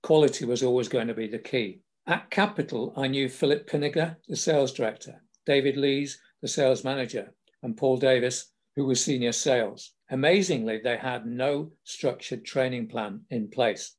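This is an older man with a southern English accent, talking at normal speed in a medium pitch. He chats through stories of his career, memoir-style, with small laughs along the way.

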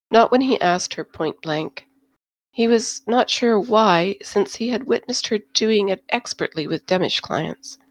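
A woman narrating a science-fiction novel in a steady, measured storytelling manner. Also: lowish voice, dry recording, low-quality recording. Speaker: audiobook narrator. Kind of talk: scripted narration.

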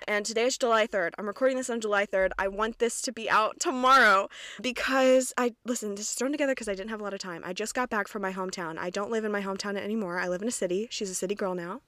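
Talking fast in a bright, forceful mid-range voice, a twenty-year-old woman from rural Kentucky hosts her podcast with studio-quality, echo-free sound. She's chatty and rambling, swears often, and mocks herself.

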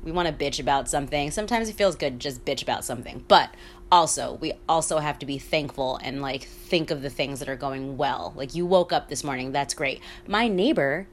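A woman hosting her own casual solo podcast, talking candidly in a hushed half-whisper, swearing freely and laughing often. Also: deep voice, a little fast, slight background noise. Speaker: podcast host.

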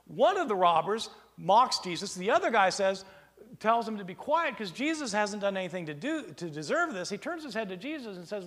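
A man giving a lecture in an animated way, posing rhetorical questions and acting out imagined back-and-forth exchanges. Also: sits high, a little fast. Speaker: lecturer on early Christian texts. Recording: long hall reverb.

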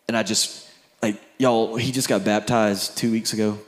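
A man's voice: lowish voice, little pitch movement, moderate pace. A man preaching a sermon, telling a family story in a conversational way and speaking to the crowd directly.

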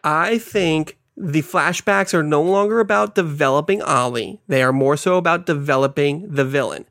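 A man co-hosting a podcast, calmly explaining his view in casual chat. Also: a little high, normal speed, no room sound, studio quality.

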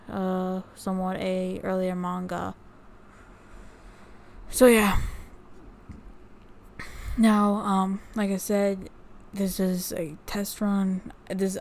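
Slow, rambling woman vlogger. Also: mid-range voice, darkish tone, a little hiss or hum. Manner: rambling, many fillers and restarts; unhurried, reading notes off research. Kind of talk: casual talk to camera.

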